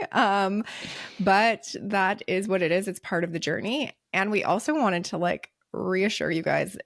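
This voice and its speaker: A woman's voice: lowish voice, dry recording, clean studio sound. A young American woman co-hosting a podcast, chatty and bubbly, with lots of fillers. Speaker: podcast co-host. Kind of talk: casual chat.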